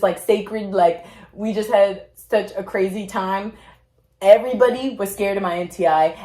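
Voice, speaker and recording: A young woman chats to camera in a relaxed, storytelling way, jumping into the voices of the people she quotes. She sits at a middle pitch and talks in an echoey room. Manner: animated, acts out quotes with big pitch jumps. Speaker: vlogger recounting basic training.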